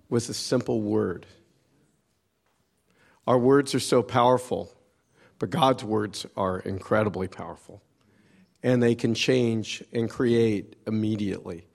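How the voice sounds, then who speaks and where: A man preaching slowly and emphatically to a congregation. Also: fairly low pitch, gravelly, darkish tone. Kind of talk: sermon.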